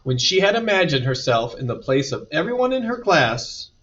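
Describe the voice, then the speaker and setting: A man reading a children's picture book aloud with lively, expressive storytelling. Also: a little high, normal speed. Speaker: storybook reader. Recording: dull distant recording.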